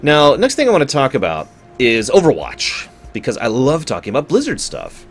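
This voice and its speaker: A man streams and chats casually with his viewers, rambling, correcting himself as he goes and talking to his chat. His medium-pitched voice swoops wildly up and down at a normal speed, with faint music behind him.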